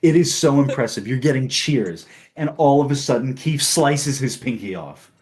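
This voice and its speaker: A man narrating as game master of a tabletop role-playing game, lively and quick to laugh. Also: mid-range voice.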